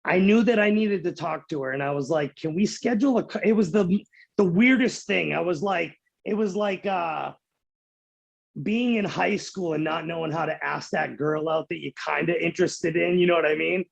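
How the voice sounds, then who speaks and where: A man in his thirties speaks as a podcast guest, with a slightly high voice and lots of vocal fry. He tells his story in an animated, casual way, repeating words as he goes. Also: moderate pace, dull audio.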